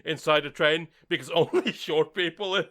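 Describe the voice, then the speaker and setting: A male podcast co-host chats casually in a fairly high, fairly bright voice at normal speed. He laughs often and swears freely.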